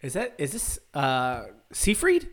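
A man co-hosting a casual podcast, guessing songs, animated and incredulous, laughing often. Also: fairly high pitch, slow pace. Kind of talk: casual chat. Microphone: headphones and microphone.

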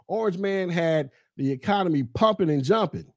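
A man's voice: high voice, a little mellow, dry recording, studio quality. A man from the United States hosting a podcast, ranting angrily about politics, heated and profane, mocking his listeners and repeating phrases for emphasis. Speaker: podcast host. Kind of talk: angry political rant.

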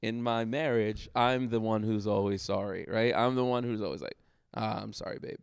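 Gravelly-voiced man sharing candid stories. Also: lowish voice, steady tone, normal speed, no echo, clean studio sound. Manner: candid, laughs at himself while telling stories. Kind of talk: casual church discussion.

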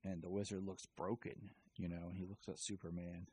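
A man's voice: low-pitched, little pitch movement, fairly quick, darkish tone, husky, poor audio. A man casually retelling and reviewing a comic, rambling with many fillers. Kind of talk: casual chat.

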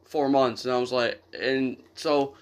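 A man's voice: mid-range voice, steady tone, measured pace. A young man in his late teens chatting casually with friends during a game, rambling with lots of fillers and swearing. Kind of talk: casual voice chat while gaming.

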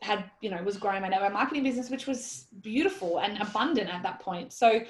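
Animated Australian woman in a roomy space. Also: medium pitch, fast. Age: 30s. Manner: animated, quotes herself, swears freely. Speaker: guest. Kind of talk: casual storytelling interview. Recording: roomy echoey sound.

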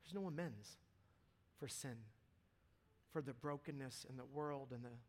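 A pastor with a mid-range voice, speaking a little slowly, delivers a casual yet impassioned sermon to a church audience. He sinks to near-whispers, then climbs to loud, fervent peaks.

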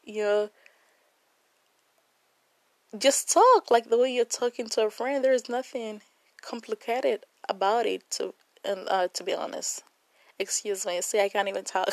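A woman's voice: medium pitch, steady tone, a little slow, dry recording. A woman hosting a casual Bible devotional, talking earnestly and emotionally to her viewers with lots of fillers. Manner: warm, earnest and emotional, with many fillers and laughs. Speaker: Bible study host.

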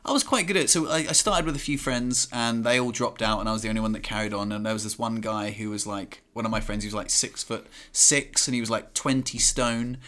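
A young man chatting casually and telling an anecdote in a relaxed manner. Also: on the low side, brisk, few pauses. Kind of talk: casual chat.

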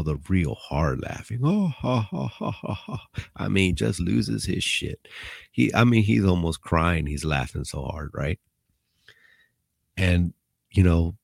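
A man's voice: deep voice, gravelly, darkish tone, slightly rough, no echo. A man hosting a podcast, telling a prison story in a laid-back, profane way with bits of Spanish. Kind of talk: casual storytelling.

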